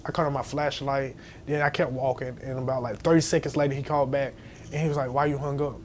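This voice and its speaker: A young man telling a scary story in casual storytime style, animated and jumping to high squeals when he quotes himself. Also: fast talker. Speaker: storyteller vlogger. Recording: faint background noise.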